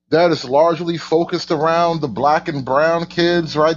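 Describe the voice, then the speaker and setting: A man's voice: a little high, fairly even intonation, a little slow, few pauses, highs cut off, a little hiss or hum. A man hosting a casual reaction commentary, stumbling over and repeating his words, with mock outrage and sarcasm. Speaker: host of a political commentary channel.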